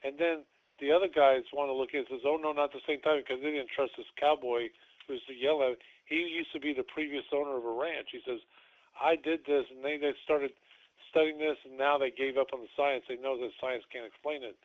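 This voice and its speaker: A man's voice: medium pitch, steady tone, brisk. Tinny-sounding man rambling through a story. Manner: rambling retelling, acting out quotes. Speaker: podcast host. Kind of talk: casual storytelling.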